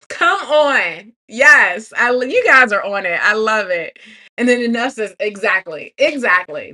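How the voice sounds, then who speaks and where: A woman, hosting a live stream and encouraging her viewers warmly. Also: a little high. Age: 40s. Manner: warm, encouraging, effusive. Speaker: livestream host.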